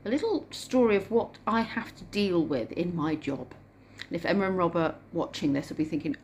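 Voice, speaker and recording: Animated woman vlogger telling a story. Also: lowish voice, moderate pace, a little hiss or hum. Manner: lively, acts out scenes. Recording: roomy room with faint ambience.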